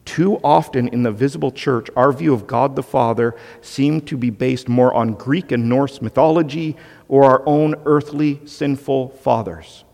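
A man's voice: medium pitch, measured pace, vocal fry, darkish tone, long reverb tail. A man preaching a sermon as pastor, emphatic and conversational, with asides to the congregation.

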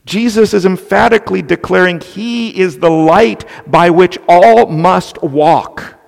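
Man, preacher, gravelly, very slow, emphatic sermon, long hall reverb. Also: sits high. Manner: slow, deliberate and emphatic, with repeated restarts. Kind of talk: expository sermon.

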